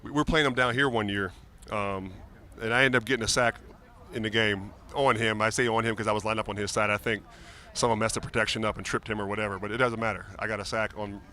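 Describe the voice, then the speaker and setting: A man in his forties, a retired football player, telling lively, joking stories as a guest in a casual interview. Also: on the low side, fast talker.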